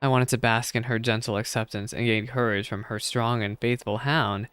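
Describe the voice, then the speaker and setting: A man's voice: medium pitch, fairly even intonation, moderate pace, fairly bright tone, smooth, dry recording, lightly acted. A man voicing a timid pleading merchant. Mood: anxious, pleading. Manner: hesitant, earnest, pleading. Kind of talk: reading game dialogue aloud.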